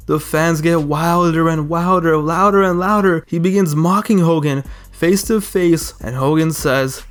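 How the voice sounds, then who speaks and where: A man with a somewhat high-pitched voice narrates a video essay voice-over. He tells the story the way a fan would, casual and conversational, dropping in slangy asides. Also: a little slow, few pauses, soft background music.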